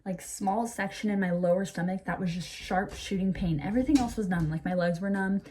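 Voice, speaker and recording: A young woman talking casually to camera in a storytime vlog, full of fillers and "like", getting animated when she quotes people. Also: medium pitch, a little fast, a little hiss or hum. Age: young adult. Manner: chatty, lots of fillers and "like"; animated when quoting others. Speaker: vlogger.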